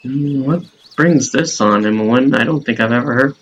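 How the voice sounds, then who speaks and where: A man's voice: mid-range voice, normal speed, husky, natural voice, poor audio. A man reading a subdued young game hero. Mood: troubled. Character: young male hero, grieving and uneasy.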